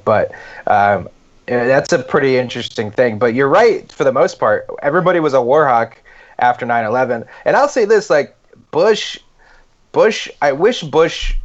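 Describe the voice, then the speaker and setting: A man co-hosting a comedy podcast, telling rambling stories in a loose, casual way. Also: mid-range voice. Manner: rambling, animated storytelling with fillers. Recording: dull lo-fi podcast audio.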